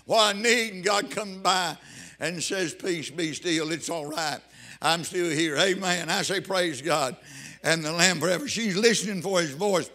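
Fervent older preacher man. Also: sits high. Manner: fervent preaching, rising to shouted praise. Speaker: pastor. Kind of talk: sermon.

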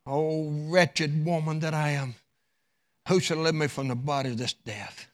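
A man's voice: fairly high pitch, steady tone, moderate pace, close to an everyday voice. A man voicing a worn-down wife who mournfully laments her own failings. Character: weary, guilt-ridden wife lamenting herself.

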